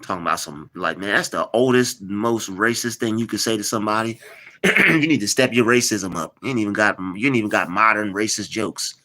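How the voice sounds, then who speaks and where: A man's voice: lowish voice, fairly quick, pushed and bright, slight background noise. A man hosting a live stream, talking casually, teasing and replying to his chat with lots of repetition. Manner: mocking, repetitive, replies to chat.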